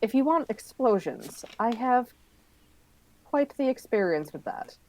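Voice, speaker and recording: A woman's voice: on the high side, big pitch swings, a little slow, darkish tone, rough recording. A woman voicing a confident female adventurer with a dry, wry understatement in a tabletop game. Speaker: tabletop player.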